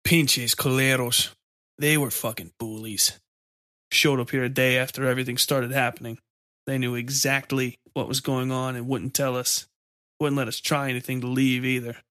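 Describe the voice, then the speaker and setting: A man voicing a resigned, fatalistic man who talks slowly and drops Spanish curses. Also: medium pitch, little pitch movement, pushed and bright, no room sound, clean studio sound, lightly acted. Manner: slow, resigned, occasionally cursing in Spanish.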